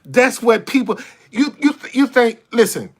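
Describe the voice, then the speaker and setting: A man's voice: extremely high pitch, very animated, moderate pace. A man in an impassioned monologue to camera, blunt and heavily profane, repeating phrases for emphasis and stammering over restarts as he gets fired up. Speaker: vlogger.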